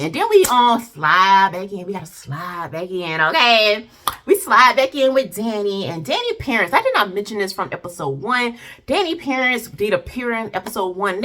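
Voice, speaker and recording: A woman's voice: mid-range voice, bright, forceful tone, husky. A woman hosting a casual recap video, chatting directly to her viewers and talking back to the characters. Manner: chatty, talks straight to viewers as "y'all". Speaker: video reviewer and host.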